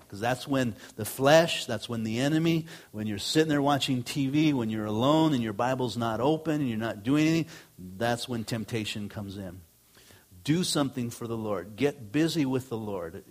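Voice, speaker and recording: A middle-aged male pastor delivering a sermon to his church in an easy, conversational tone. His voice sits at an ordinary male pitch and swells up on emphatic points, then falls quieter for asides. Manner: conversational preaching with rising emphatic lines.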